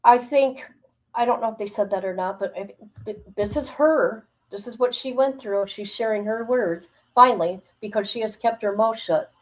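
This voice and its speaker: A woman's voice: a little high, normal speed, rough recording. A woman hosting a livestream, musing aloud about a video she is reacting to. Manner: musing, thinking aloud with trailing thoughts. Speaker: stream host reacting to a video. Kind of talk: casual livestream commentary.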